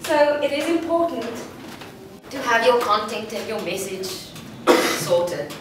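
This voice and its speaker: Female voice coach, measured demonstrative workshop delivery, recorded from afar in a noisy, reverberant hall. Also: a little high, very animated. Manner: slow, deliberate, demonstrative delivery. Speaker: speaker and voice coach. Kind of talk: live workshop talk. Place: large room before a live audience. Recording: echoey hall from far off with room noise.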